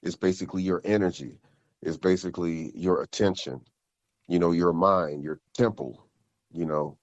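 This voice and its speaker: A very deep-voiced man co-hosting a podcast. He talks in a stop-start way, doubling back and repeating words as he builds each point. The recording is dull and lo-fi, and dry. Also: fairly even intonation, no room sound. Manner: halting, repeats words while building thoughts. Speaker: podcast co-host. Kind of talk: casual podcast chat.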